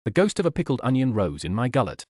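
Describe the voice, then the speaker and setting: A man narrating an audiobook in an expressive, wry manner on a studio mic. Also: medium pitch, fast, breathy edge, dry recording.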